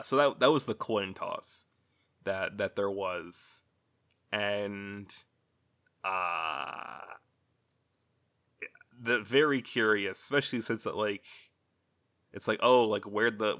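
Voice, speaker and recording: A man's voice: on the low side, takes it slowly, long pauses, bright, forceful tone. A man hosting a casual chat, rambling, laughing often and swearing freely.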